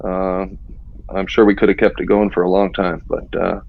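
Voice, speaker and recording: Calm guy talking it through, kinda low, muffled dry call audio. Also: moderate pace, gravelly. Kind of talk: casual remarks on a call.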